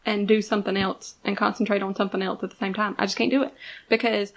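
Woman, podcast co-host, deadpan, blunt, gravelly vocal fry. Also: medium pitch, fast. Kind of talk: casual chat.

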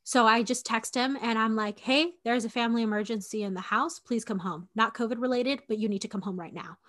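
A woman's voice: on the high side, brisk, a bit bright. A woman in her twenties recounting a personal story in casual podcast talk, with lots of "like" and fillers, acting out what people said. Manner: conversational, frequent "like" and fillers, acts out quoted dialogue.

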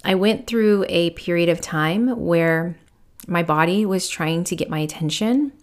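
A woman's voice: lowish voice, measured pace. A woman in her thirties, a podcast host and spiritual medium, telling a personal story in a candid, reflective way with many fillers. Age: 30s.

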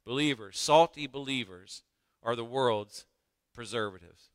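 A man preaching a sermon as pastor, emphatic, with dramatic pauses and rising emphasis. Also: mid-range voice, smooth, no echo, studio quality, long reverb tail.

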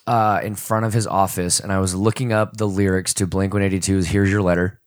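A man on a podcast telling a deeply personal story in a halting, emotional way, often restarting his sentences and choking up. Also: flat delivery, no echo, studio quality. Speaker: podcast co-host. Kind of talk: personal storytelling in casual talk.

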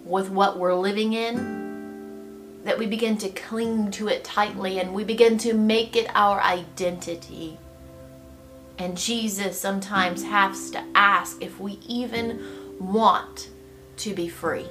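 A woman delivers a devotional Bible teaching at an unhurried pace, reflective and gently expressive. Her voice sits at an ordinary middle pitch, with soft guitar music playing faintly behind her.

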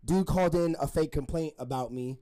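A man's voice: a little high, brisk, mellow. A young man telling a story in casual podcast chat, rambling with lots of fillers and frequent laughter.

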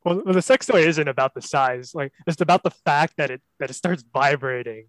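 A man's voice: fairly high pitch, brisk, dry recording, poor audio. Man, playful co-host, laughs a lot, stammering restarts, dry close mic. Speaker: podcast co-host. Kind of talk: casual interview-style banter.

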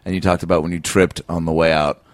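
A man's voice: low voice, level tone, fast, no room sound. A man hosting a podcast who talks in loose, rambling sentences and laughs often. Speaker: podcast host. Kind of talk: casual podcast chat.

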